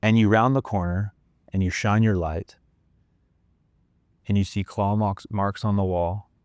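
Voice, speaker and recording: A man's voice: lowish voice, steady tone, a little slow, a little mellow, no echo. A man hosting a podcast, telling a reflective story in the second person, earnest and casual with some swearing. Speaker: podcast host.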